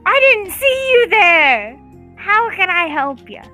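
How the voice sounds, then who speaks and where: Woman doing old forgetful shopkeeper lady, high shrill folksy voice, loud, twitchy and dotty. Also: very animated, slow, faint music behind, exaggerated voice. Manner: shrill, sing-song and folksy, forgetting mid-sentence. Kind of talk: tabletop role-play voice.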